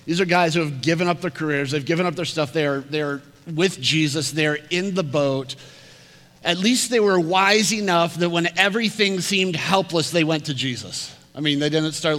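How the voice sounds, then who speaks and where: A man preaching a sermon, retelling a Bible story with lively acted-out quotes and frequent repeated words. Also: a little high. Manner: animated storytelling, acting out quoted voices, often repeats words. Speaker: pastor. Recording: hall reverb with faint hum.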